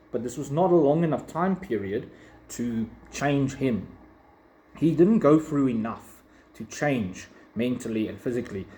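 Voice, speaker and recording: A man's voice: mid-range voice, warm tone. A man giving a casual, opinionated video review, rambling with frequent fillers. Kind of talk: casual commentary.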